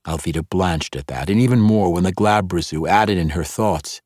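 A man narrating a dark fantasy audiobook in a measured storytelling manner. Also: sits low, no room sound, clean studio sound.

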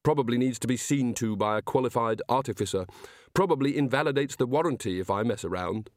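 A man's voice: mid-range voice, quick pace, dry recording, lightly acted. A nervous, cowardly grown wizard, voiced by a man who mumbles and grumbles to himself. The voice sits close and dry, in a storybook reading. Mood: grumbling.

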